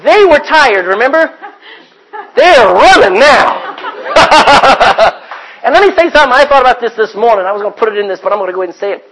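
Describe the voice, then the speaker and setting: A man preaching a sermon as pastor, swinging from hushed asides to loud acted-out quotes. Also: sits high, rough recording.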